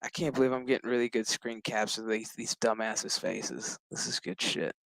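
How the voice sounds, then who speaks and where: A man's voice: fairly low pitch, moderate pace, vocal fry, fairly bright tone, no echo. A man giving a casual, profane, sarcastic recap of a TV episode. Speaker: show reviewer.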